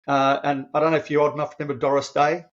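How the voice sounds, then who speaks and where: A man's voice: on the high side, rapid-fire, dull audio. Earnest man in his fifties. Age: 50s. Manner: earnest, emotional, restarts phrases, animated when quoting himself. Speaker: podcast guest. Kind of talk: personal storytelling in conversation.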